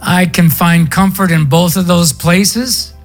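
A man's voice: high-pitched, steady tone, slow pace, gravelly, soft background music. A male pastor preaching a sermon in a conversational storytelling way, drawing out words for emphasis.

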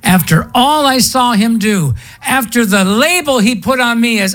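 A man's voice: very high-pitched, animated, measured pace, hardly any pauses, a bit bright, faint music behind. A male pastor preaching a sermon in a conversational storytelling way, drawing out words for emphasis.

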